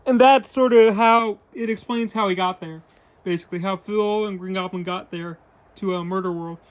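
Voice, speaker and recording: A man's voice: high voice, steady tone, normal speed. A man giving a casual comic book review, retelling the plot with lots of "like" and "uh" and paraphrasing the characters' lines in his own voice. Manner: rambling retelling full of "like" and "uh".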